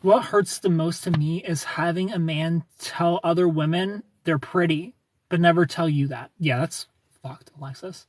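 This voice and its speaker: A young adult streamer with a husky, slightly breathy voice chats casually with viewers. The talk is loose and sarcastic, with frequent laughter, and the pitch sits in the middle. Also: moderate pace. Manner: chatty and sarcastic, laughs often, answers viewers by name. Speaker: livestreamer reading chat. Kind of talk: casual livestream chat.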